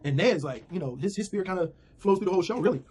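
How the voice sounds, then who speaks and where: Man, rapid-fire slangy recap, husky voice, fairly high pitch, rambling. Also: expressive, a little mellow. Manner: slangy, rambling retelling with fillers. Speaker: TV episode recapper. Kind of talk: casual spoken recap.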